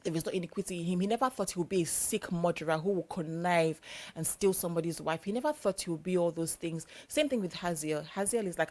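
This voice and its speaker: A woman's voice: fairly low pitch, lively intonation, fairly quick, a little mellow. A young adult woman preacher giving a sermon in a conversational, emphatic, repetitive way.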